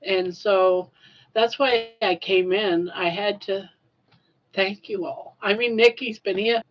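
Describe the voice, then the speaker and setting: An older woman speaks on a home livestream, crying and emotional as she thanks people. She talks slowly with a middle pitch, and the recording sounds a bit dull and lo-fi. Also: steady tone. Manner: emotional, tearful and grateful. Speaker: crochet livestreamer. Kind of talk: casual livestream chat.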